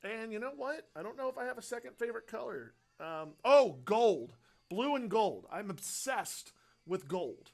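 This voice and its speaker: High-voiced chatty man hosting a radio livestream. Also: big pitch swings, normal speed, vocal fry, a little mellow. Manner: rambling, chatty, upbeat. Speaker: radio host. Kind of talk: casual livestream chat, reading viewer questions.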